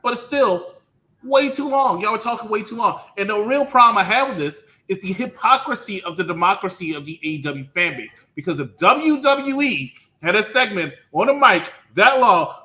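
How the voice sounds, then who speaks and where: A man hosts a casual wrestling review with a loud, mocking manner. His voice sits high and bright. He often mimics others in a squeaky voice. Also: lively intonation, moderate pace, poor audio. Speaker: show host.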